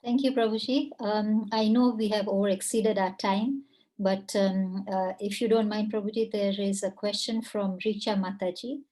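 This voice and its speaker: A woman moderating a devotional session, polite and measured, pausing with "um". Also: mid-range voice, steady tone, mellow, rough recording. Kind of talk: formal moderating.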